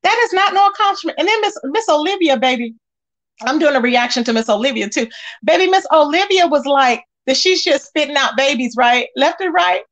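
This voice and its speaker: A woman's voice: high voice, expressive, fairly quick, a bit bright. A woman hosting casual gossip commentary, sassy and emphatic, reading chat and scolding. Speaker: YouTube commentary host.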